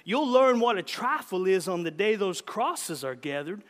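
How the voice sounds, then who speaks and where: A man reading aloud and voicing a gruff, hearty old backwoods great-uncle with a gravelly voice who hollers and insists, in a long-reverb hall. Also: sits high, very animated, moderate pace, voice pushed up. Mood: insistent.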